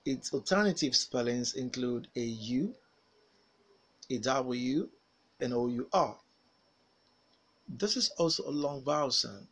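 Guy doing a phonics drill, super slow, every word spelled out carefully, kinda husky voice. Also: mid-range voice, lively intonation, fairly bright tone, low-quality recording. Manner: slow, carefully enunciated single words with pauses for repetition. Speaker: phonics teacher. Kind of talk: pronunciation drill lesson.

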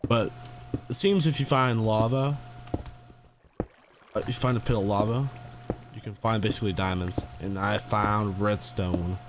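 Low-voiced young man narrating a game. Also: fairly even intonation, a little slow, long pauses, noisy background. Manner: playful, talks to game creatures. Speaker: gamer. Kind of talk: casual gameplay commentary.

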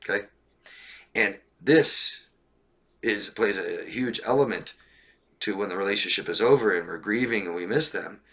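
A man's voice: lowish voice, normal speed, long pauses, a bit bright, husky. A man coaching on relationships during a live stream, reading viewer questions and answering bluntly, often checking in with "right?" and "okay?".

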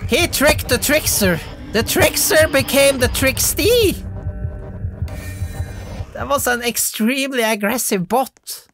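A woman giving excitable let's-play commentary, yelping and giggling as she plays. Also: high-pitched, slow pace, pauses often, soft background music. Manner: excitable, yelps and giggles while playing. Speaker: gamer.

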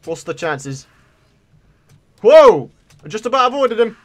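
A young man giving chatty, excitable commentary as he plays through a game, often breaking into exclamations. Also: extremely high pitch, unhurried, long pauses. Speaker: let's play host. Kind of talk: gameplay commentary.

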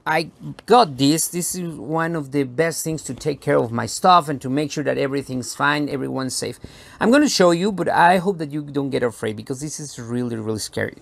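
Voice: mid-range voice, animated, a little fast, vocal fry. A children's performer telling a playful story straight to a young audience, teasing them and building suspense. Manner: teasing, makes a show of suspense; talks directly to an unseen audience.

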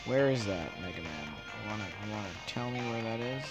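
A man's voice: on the low side, expressive, fast talker, loud music behind the voice. A man giving casual gameplay commentary, sarcastic and swearing often. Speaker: let's play gamer.

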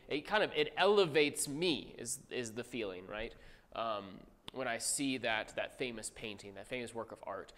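Brief: male Bible teacher, mid-pitched, chatty and repetitive, recorded in a reverberant classroom. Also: fairly bright tone. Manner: conversational, repeats points, asks class questions. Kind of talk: classroom theology lecture.

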